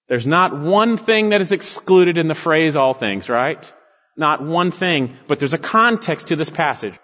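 A male pastor preaching a sermon with emphatic stresses, dropping low on key words. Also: fairly bright tone. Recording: long hall reverb, dull lo-fi sound.

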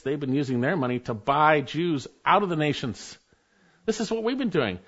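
A man preaching a sermon, swinging from loud emphatic lines to quiet, urging ones. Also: fairly high pitch. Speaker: pastor. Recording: dull lo-fi sound.

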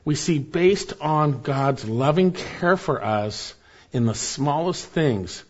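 A male pastor preaching a sermon, rising for emphasis and then dropping soft. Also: fairly high pitch, animated, slow, muffled recording.

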